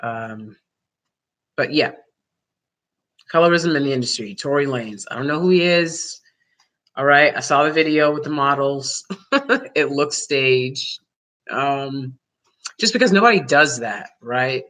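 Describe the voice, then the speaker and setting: A woman talks straight to her audience in a loose, rambling vlog, circling back on herself with fillers and little laughs. Her voice is bright and sharp-edged, with a tense, forward ring to it. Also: a bass voice, a little slow, pauses often. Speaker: vlog host. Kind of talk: casual opinion commentary.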